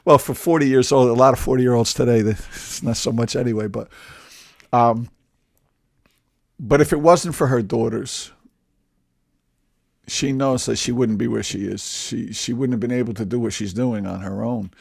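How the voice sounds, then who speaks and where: A man's voice: mid-range voice, steady tone, normal speed, gravelly, pauses often, dry recording, studio quality. A man in his sixties talking through a candid personal monologue, rambling and repeating words, with wry humor. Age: 60s. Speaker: podcast host.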